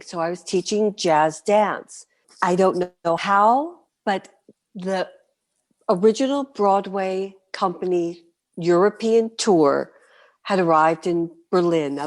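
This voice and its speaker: A middle-aged woman from New City, a guest performer telling her stories in an interview, lively and vivid, sometimes dropping to a whisper. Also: on the low side. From New York City. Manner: animated, vivid storyteller, breaks into soft whispers. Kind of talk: storytelling interview.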